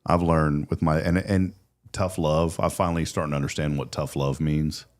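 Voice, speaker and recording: A man's voice: a bass voice, level tone, normal speed. A man hosting a casual talk show, chatty and earnest, often repeating words as he starts a sentence. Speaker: host.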